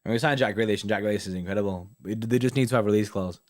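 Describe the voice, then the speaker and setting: A man's voice: on the low side, very fast. A young man chatting casually as a host, rambling and often asking "do you know what I mean". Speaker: host reading viewer comments. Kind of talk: casual live-stream chat.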